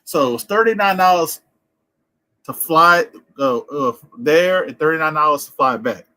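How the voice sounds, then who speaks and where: A man's voice: fairly high pitch, animated, a little slow, bright, forceful tone, poor audio. A man on a livestream chatting loosely and rambling, laughing easily. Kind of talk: casual chat.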